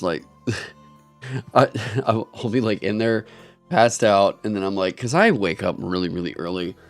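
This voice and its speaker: A man's voice: lowish voice, vocal fry. A young man rambling and laughing through a casual podcast chat, swearing often. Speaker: podcast host.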